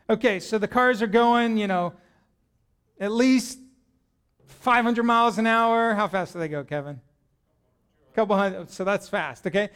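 Male pastor, middle-aged, smooth resonant voice, playful sermon to a congregation. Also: high voice. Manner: lively, jokey, addresses the congregation directly. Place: church hall with a congregation.

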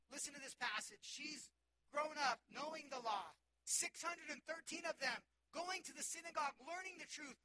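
A male youth pastor preaching a sermon, animated, swinging between loud bursts and hushed asides. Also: extremely high pitch, rough recording.

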